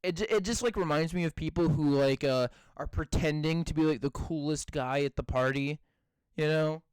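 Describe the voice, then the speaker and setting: A young man co-hosting a podcast, chatting casually and swearing a lot while telling animated stories. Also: on the high side, moderate pace, clear, resonant tone, no room sound, poor audio. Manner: profane, animated storytelling with mock voices. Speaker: podcast co-host. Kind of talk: casual chat.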